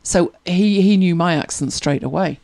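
Speaking at normal speed, the tech help show host has a darkish, mid-range voice with vocal fry. In relaxed, chatty talk they answer viewer questions, laugh freely, and repeat words as they start up.

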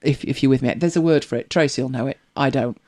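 Here the host of a tech help show talks fast in a medium-pitched, slightly mellow voice. They're chatty, laugh easily, and repeat words when starting to speak while casually answering viewers' questions.

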